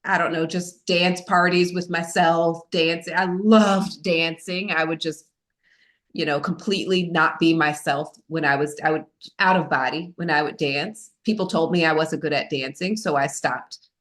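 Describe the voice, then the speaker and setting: A woman's voice: low-pitched, a little slow, a bit bright. A woman as a podcast guest, telling a personal story in a candid, self-mocking way, with many fillers.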